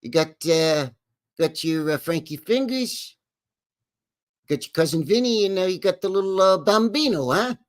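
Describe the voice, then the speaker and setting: A man's voice: high voice, animated, moderate pace, voice pushed up. A man voicing a wisecracking Italian-American mobster with brash, teasing street-tough patter. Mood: jokey.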